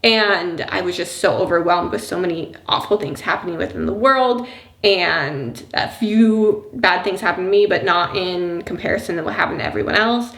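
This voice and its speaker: A woman talking casually to the camera as a vlogger and mother of a young child. She rambles with lots of fillers and laughs softly between thoughts. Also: lowish voice, moderate pace. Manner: chatty and rambling, many "like" and "you know" fillers. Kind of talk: casual personal vlog talk. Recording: roomy echo.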